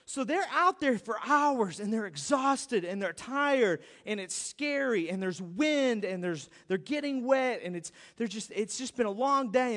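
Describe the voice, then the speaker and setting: Male pastor, very high voice, conversational sermon, reverberant church hall. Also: measured pace, few pauses. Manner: storytelling, animated, conversational.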